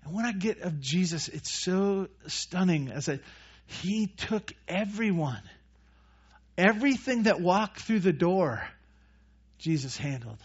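Preaching pastor, dull recording. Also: male voice, sits high, lively intonation, a little slow, slightly rough. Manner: conversational preaching with many restarts and acted asides. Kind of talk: sermon.

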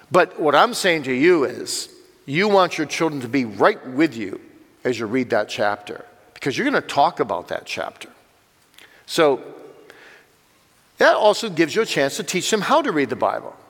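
A man's voice: medium pitch, fairly bright tone. An older man giving an earnest church teaching talk, speaking directly to parents. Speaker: Bible teacher. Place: church hall. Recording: long church-hall reverb.

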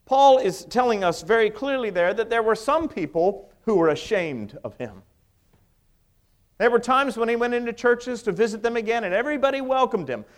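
High-voiced middle-aged male preacher. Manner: emphatic, rhetorical questions, sweeping pitch. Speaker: pastor. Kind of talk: sermon.

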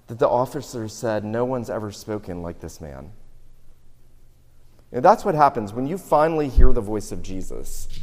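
Pastor, male, mid-pitched, earnest sermon delivery, long hall reverb. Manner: earnest preaching, swelling loud on key lines, then dropping low.

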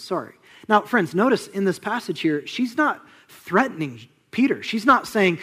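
A young man preaching a sermon, conversational and animated, acting out the people in the story and dropping to a hush for solemn moments. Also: sits high, moderate pace, few pauses. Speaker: pastor.

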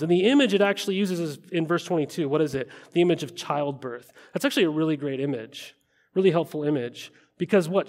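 A middle-aged male pastor preaching a conversational sermon, often asking his listeners questions. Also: on the high side.

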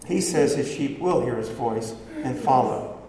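A man's voice: medium pitch, measured pace, crowd noise. A man preaching a sermon in a conversational way, asking his congregation rhetorical questions. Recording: echoey hall with long reverb, faint ambience.

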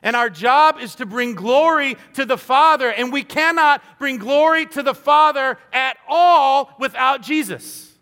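A man's voice: extremely high pitch, measured pace, few pauses, sharp tone, big-room sound. A man preaching a sermon in an earnest, conversational way, acting out little quoted voices as he goes. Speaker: pastor.

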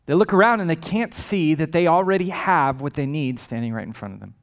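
A man's voice: on the high side, lively intonation, brisk, few pauses. A male pastor preaching a sermon in a conversational, humorous way, with frequent asides.

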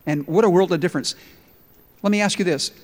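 A man's voice: high-pitched, fast, long reverb tail. A man preaching a sermon as a pastor in an emphatic, storytelling way.

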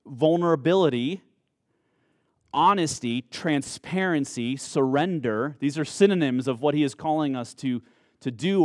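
A male pastor preaches in an earnest voice of middling pitch and leans into key words with slow, emphatic phrasing. The recording is dry and close, with no room echo. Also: a little mellow. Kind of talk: sermon.

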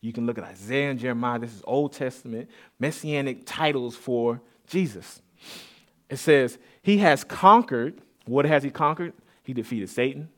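A man's voice: mid-range voice, normal speed. Man preaching conversationally in church. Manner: conversational preaching, repeats words, rising emphasis. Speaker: pastor. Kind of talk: sermon.

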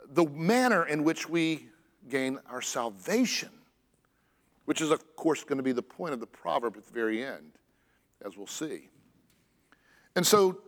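A man preaching a sermon as pastor, earnest and lively, stressing phrases between pauses. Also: a little high. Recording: echoey church hall.

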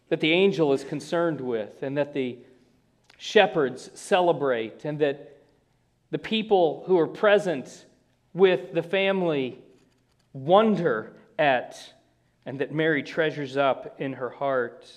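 A man preaching a sermon from the pulpit, his voice sitting a little high for a man. He lingers on important words and drops into slow, weighty phrasing, with the odd restart as he explains. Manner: slow emphatic phrasing with pauses, small restarts. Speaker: pastor.

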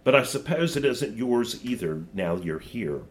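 A man's voice: mid-range voice, moderate pace, close to an everyday voice. A man reading aloud and voicing a joyful young male king who exclaims and teases. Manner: excited and exclaiming.

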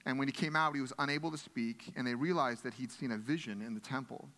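A man's voice: medium pitch, fast talker, sharp tone. Earnest man preaching in a reverberant hall. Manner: earnest, conversational, with frequent restarts. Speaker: pastor. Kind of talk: sermon.

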